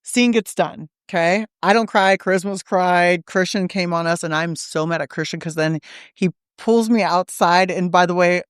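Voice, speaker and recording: A woman's voice: on the low side, normal speed, clean tone, dry recording, clean studio sound. A woman guest on a podcast, telling stories animatedly and swearing freely, acting out what people said. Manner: animated, acts out quotes in shifting voices, swears freely. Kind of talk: casual storytelling chat. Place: podcast studio.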